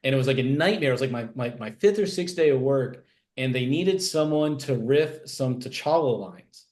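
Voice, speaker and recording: A man's voice: mid-range voice, lively intonation, normal speed, a little mellow. A man being interviewed about his writing work, talking in a rambling way, full of fillers and restarts. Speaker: TV animation writer, interview guest. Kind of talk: casual interview chat.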